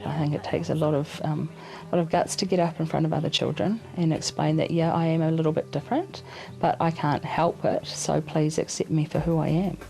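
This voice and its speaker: Low, gravelly-voiced woman. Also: fairly even intonation, brisk, hardly any pauses, dark tone, soft background music, low-quality recording. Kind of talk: interview comment.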